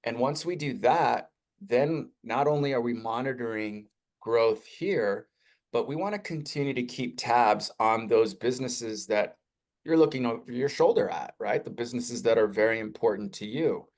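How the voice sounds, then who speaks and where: A man presenting a live webinar software demo in an energetic, conversational sales style. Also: normal speed. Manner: energetic, conversational salesy pitch with rising emphasis.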